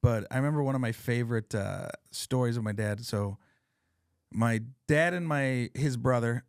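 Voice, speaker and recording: A man hosting a podcast, telling funny family stories in a casual, profane, animated way. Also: mid-range voice, moderate pace, gravelly, clean tone, dry recording, clean studio sound. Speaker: podcast host. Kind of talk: casual chat, storytelling.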